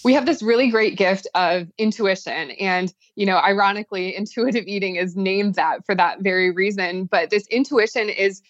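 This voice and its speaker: A woman appearing as a podcast guest, explaining her ideas in long, measured, thoughtful answers. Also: medium pitch, dry recording, lo-fi sound.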